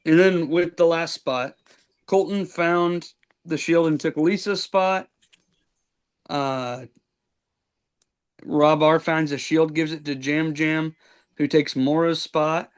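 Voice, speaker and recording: A man's voice: fairly high pitch, steady tone, takes it slowly, pauses often, smooth. A man hosting a podcast, recapping a reality show in casual chat with plenty of ums and likes. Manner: rambling play-by-play recap with many ums and likes. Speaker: podcast host.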